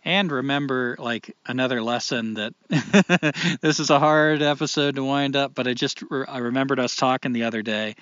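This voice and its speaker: A man's voice: mid-range voice, moderate pace, fairly bright tone, no echo. Guy cohosting a chill podcast, thoughtful and emphatic, dry dull lo-fi sound. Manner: reflective, emphatic, swears casually. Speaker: podcast co-host. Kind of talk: casual podcast chat.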